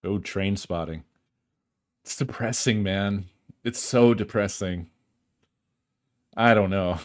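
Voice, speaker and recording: Low, slow-talking male streamer. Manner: dry, wry, unhurried musing with swearing. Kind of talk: casual chat with chat readers.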